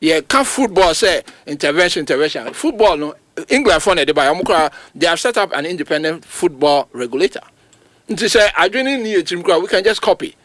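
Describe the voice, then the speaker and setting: A man with a Ghanaian accent giving emphatic, animated football commentary on a talk show, his voice jumping high at points of emphasis. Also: fast talker, dry recording. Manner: emphatic, animated, rising to sudden high outbursts. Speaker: football pundit. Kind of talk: radio sports talk, mixing Twi and English.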